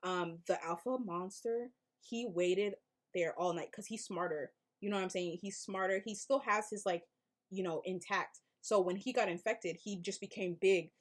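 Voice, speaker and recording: A woman vlogger recapping a movie in casual chat, animated and laughing, with loud exaggerated outbursts. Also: medium pitch, moderate pace.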